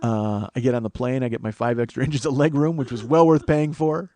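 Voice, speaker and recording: A man's voice: medium pitch, fairly even intonation, brisk, dark tone. A man, a comedian and podcast host, telling a profane, exasperated comic story.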